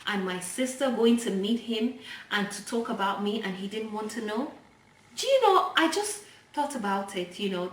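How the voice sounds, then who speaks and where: A woman's voice: a little high, a bit bright. A young adult woman telling a personal story on her vlog, chatty and digressive with many fillers and restarts. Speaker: vlogger. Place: indoor room, filmed by a helper. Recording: roomy and distant from the mic, faint background noise.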